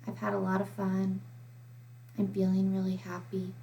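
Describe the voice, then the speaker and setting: Woman putting on a quiet glum voice. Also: medium pitch, moderate pace, gravelly, slight background noise, voice pushed down, natural voice. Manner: quiet, flat, mumbling toward the floor. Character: sad woman pretending her day is fine.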